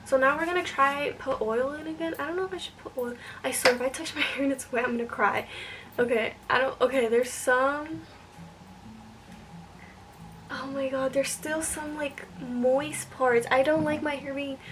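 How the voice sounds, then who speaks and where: A young woman with a high, steady voice talks fairly quickly through a casual hair tutorial vlog at home, sounding self-doubting, thinking aloud, and sometimes dropping to a soft whisper. She's recorded from a distance on a rough recording with clear background noise.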